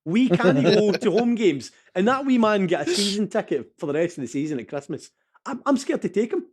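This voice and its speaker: A man's voice: sits high, sing-song, brisk, a little mellow, slightly rough. A Scottish man in his thirties, a podcast co-host in casual chat, telling a story with animation and swearing freely.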